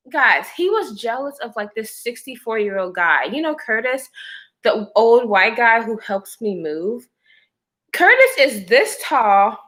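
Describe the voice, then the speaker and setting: A pregnant woman chatting to her viewers, telling a personal story in a lively, expressive way. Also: high voice. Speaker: vlogger. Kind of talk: casual storytime chat.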